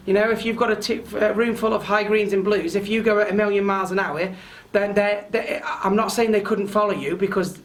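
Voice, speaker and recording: A man leading an online training webinar, loud and chatty, often checking in with tag questions. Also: sits high. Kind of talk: live online training talk.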